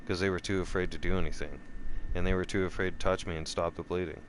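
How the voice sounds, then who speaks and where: A man telling a personal story in a casual vlog, animated and profane, often repeating himself. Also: low-pitched, fast talker, a little hiss or hum. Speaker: vlogger.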